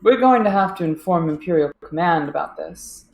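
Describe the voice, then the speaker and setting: A woman's voice: lowish voice, expressive, normal speed, vocal fry, darkish tone, reverberant. A woman playing a tabletop game, speaking in character with hesitant, formal phrasing. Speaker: player.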